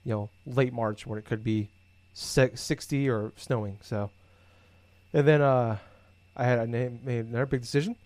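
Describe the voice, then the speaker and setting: A man's voice: medium pitch, no echo. A man in casual conversation, telling rambling everyday stories with lots of swearing and filler words. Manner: rambling, profane, animated storytelling. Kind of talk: casual chat.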